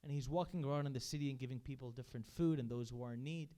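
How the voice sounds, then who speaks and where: Telling stories full of quoted dialogue, this man preaches earnestly as a majlis speaker at a religious gathering in a center hall. His medium-pitched voice is warm, and the words come rapid-fire.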